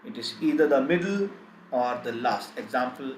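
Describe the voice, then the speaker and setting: A man teaching a live online language lesson, slowly repeating example words again and again. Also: medium pitch, animated, a bit bright, echoey room, slight background noise, poor audio. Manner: slow, repetitive, drills word lists.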